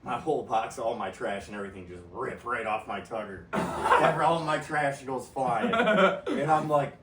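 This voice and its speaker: A man co-hosting a casual podcast, crude and quick to laugh and swear. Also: mid-range voice, lively intonation, echoey room, far from the mic, very noisy. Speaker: podcast co-host. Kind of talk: casual storytelling chat.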